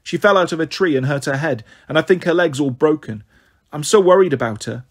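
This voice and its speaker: A man's voice: a little high, a little fast, lightly acted. A man voicing an upset, defiant young schoolgirl who answers back sharply, in a storybook reading. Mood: anxious. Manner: hurt, sharp retorts.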